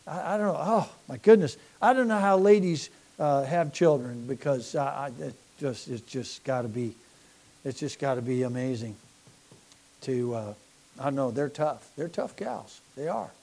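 A middle-aged man preaching a folksy sermon, rambling and self-deprecating, stumbling over repeated words and swinging from quiet asides to loud points. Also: mid-range voice, moderate pace, creaky.

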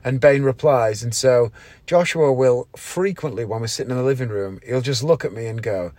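A man's voice: medium pitch, normal speed, a little mellow, no room sound. A man hosting a podcast, talking in a rambling, chatty way with frequent ums and asides. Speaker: podcast host and variety magician. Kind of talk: casual podcast monologue.

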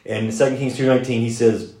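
Dude preaching fast and excited, mid-pitch voice, big echoey room. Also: male voice. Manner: energetic, fast-talking storyteller with bursts of loud mimicry. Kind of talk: sermon.

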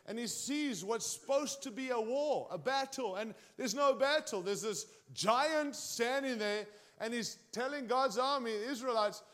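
A man's voice: very high-pitched, lively intonation, moderate pace, few pauses, fairly bright tone. A man preaching a sermon in a conversational way, often turning to the congregation with direct questions.

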